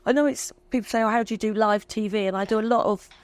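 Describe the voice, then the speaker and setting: A woman's voice: medium pitch, steady tone, rapid-fire, dry recording. A woman in her fifties, a guest talking candidly and emotionally, chatty and self-mocking. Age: 50s. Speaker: interview guest. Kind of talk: candid chat.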